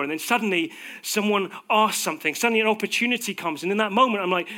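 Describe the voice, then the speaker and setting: A man preaching a sermon in a conversational, animated way, acting out little quotes as he goes. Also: high voice, fast talker.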